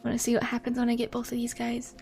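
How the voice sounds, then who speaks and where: A woman's voice: fairly high pitch, completely flat delivery, quick pace, over music. A woman live-streaming a video game, giggling often and chatting to her viewers as she plays. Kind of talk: live gameplay commentary.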